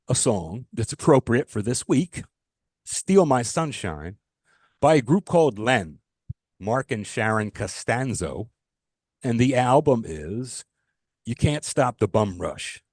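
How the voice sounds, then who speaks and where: Podcast co-host, male, animated pitch, dry close recording, thoughtful hedging talk. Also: takes it slowly, husky, no echo. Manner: thoughtful, hedging with you know and like. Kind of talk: casual chat.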